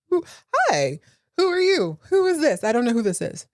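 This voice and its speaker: A woman's voice: on the high side, sing-song, unhurried, no room sound, studio quality, pitched above the performer's own voice. A woman voicing a pregnant soap-opera woman who answers her lover with sassy, slangy retorts. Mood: bewildered.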